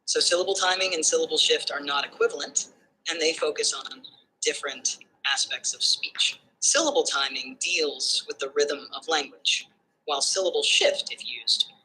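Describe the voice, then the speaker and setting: Bright, even synthetic explainer voice. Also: mid-range voice, normal speed, slight background noise, low-quality recording. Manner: smooth, even, numbered points. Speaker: AI assistant answering questions. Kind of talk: structured explanatory answers.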